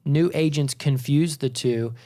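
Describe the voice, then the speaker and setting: A man's voice: a little high, a little slow, dark tone. A man co-hosting a sales podcast, explaining things in an emphatic, instructive way. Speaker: podcast co-host and sales trainer. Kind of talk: podcast discussion.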